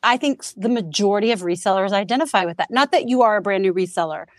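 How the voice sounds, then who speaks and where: A woman's voice: mid-range voice, fast, no echo. A woman co-hosting a podcast in casual chat, chatty, rambling and self-mocking. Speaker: podcast co-host.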